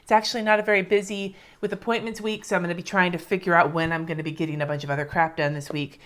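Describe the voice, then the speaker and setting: At home indoors, a California woman runs a casual livestream as a planner vlogger, racing along in a fairly low, steady voice. She answers viewers by name from the live comments and swears freely while planning her week.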